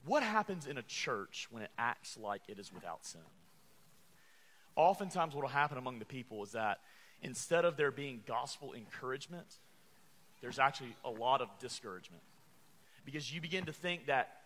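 A man's voice: on the high side, animated, normal speed, pushed and bright. A man preaching a sermon as pastor, earnest and emphatic, stressing key words. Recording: church hall reverb.

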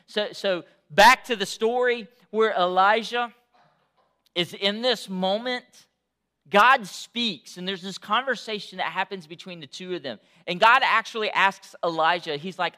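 A pastor preaching a sermon in a conversational way that swells to loud, emphatic peaks. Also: male voice, high voice, moderate pace.

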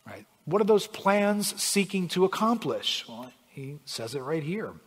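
A male pastor preaching a sermon, swinging from hushed lines to shouts. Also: a little high, very animated, measured pace, breathy edge. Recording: long hall reverb.

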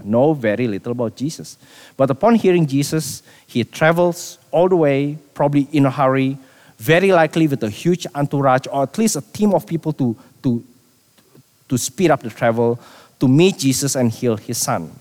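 A man preaching a sermon as a pastor, animated, repeating himself and dropping quiet for emphasis. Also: mid-range voice, in a large hall.

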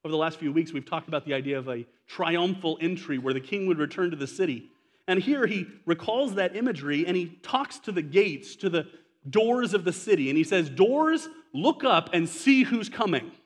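High-voiced pastor preaching in a reverberant hall. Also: male voice, animated, a little fast. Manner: conversational preaching with rhetorical questions and asides. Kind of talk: sermon.

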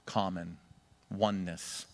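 A male pastor preaching a sermon, swinging between loud emphatic stresses and quiet asides, leading the congregation in call-and-response repetition. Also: low-pitched, flat delivery, takes it slowly.

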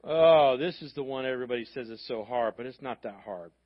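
A man preaching a sermon in a church, in a conversational style with quick asides and repeated phrases. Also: mid-range voice. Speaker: pastor. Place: church sanctuary. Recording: dull lo-fi sound.

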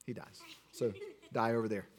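A man teaching children a Bible lesson, acting out the story and directing the kids with quick, repeated commands. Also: fairly low pitch, fairly even intonation. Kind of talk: interactive acted-out Bible lesson. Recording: long hall reverb.

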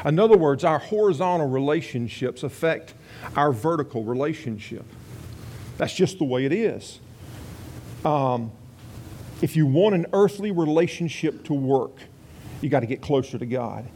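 A man's voice: fairly high pitch, lively intonation, normal speed, warm tone, a little hiss or hum. A man preaching a sermon in a folksy, conversational way, with storytelling and rambling asides. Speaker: pastor.

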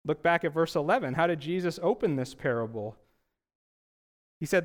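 A young male pastor preaching in a relaxed, conversational style, throwing out rhetorical questions as he goes. His voice sits high for a man and moves through a wide, lively range. He mixes casual asides with scripture. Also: moderate pace. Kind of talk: sermon.

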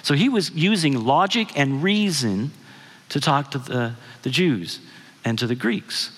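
A middle-aged guest speaker, preaching a sermon, tells his family's story in an easy conversational manner and questions the audience. He has a fairly high, husky, slightly bright voice with lively intonation and a measured pace, all under a long hall reverb.

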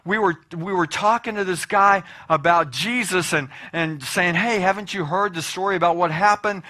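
A preacher acting out an excited young man rushing to share astonishing news. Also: high-pitched.

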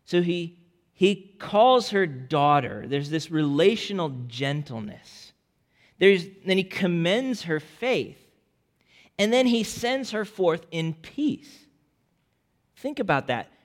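A man preaching a sermon as a pastor, earnest and deliberate, sometimes restarting his words. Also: high-pitched, lively intonation, in a large hall.

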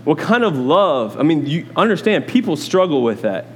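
A man's voice: fairly high pitch, very animated, normal speed, a little hiss or hum. A man preaching a sermon, teaching from scripture in a conversational way with asides to his congregation. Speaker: pastor.

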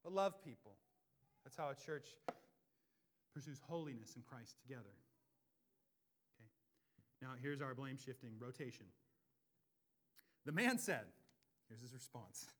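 A man in his thirties preaching a sermon, animated and acting out quoted voices with big swings from loud to soft. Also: mid-range voice, measured pace, pauses often. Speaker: pastor.

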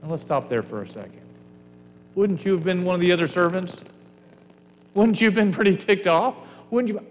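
A man's voice: fairly high pitch, expressive, moderate pace, long pauses, in a large hall, slight background noise. A man preaching a sermon to his congregation, earnest and varied, sometimes falling to a near whisper. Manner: earnest, varies loudness, drops to a whisper at times. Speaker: pastor.

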